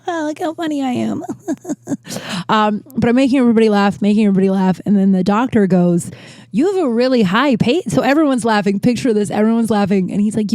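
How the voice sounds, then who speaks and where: A woman's voice: medium pitch, mellow, no room sound. A woman comedian in her thirties hosting her own podcast, telling personal stories in a rambling, candid, self-deprecating way and swearing freely. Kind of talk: casual storytelling monologue.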